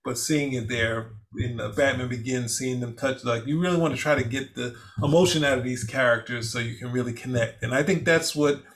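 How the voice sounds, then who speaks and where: A man with a gravelly, fry-edged voice talks through a film review in a loose, rambling way. He restarts his sentences often and laughs easily as he goes. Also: mid-range voice, fairly quick, hardly any pauses. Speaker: co-host. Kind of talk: casual film review chat.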